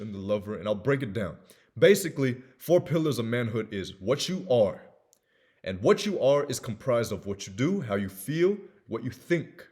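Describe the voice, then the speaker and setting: Husky man explaining earnestly. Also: mid-range voice. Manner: earnest, swings between emphatic and hushed. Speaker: self-help speaker. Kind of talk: casual explanatory monologue.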